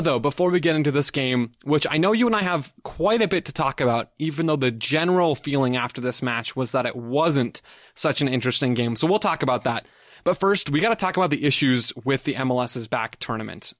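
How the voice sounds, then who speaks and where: A man's voice: mid-range voice, no room sound. Man, soccer podcast co-host, easygoing, laughs often, dry close sound. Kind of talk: casual soccer podcast chat.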